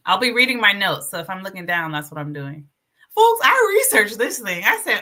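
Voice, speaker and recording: Woman, livestream host, casual chat, very expressive pitch, reading from notes. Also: normal speed. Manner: chatty, animated, reads aloud from notes. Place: indoors at a computer, sharing her screen.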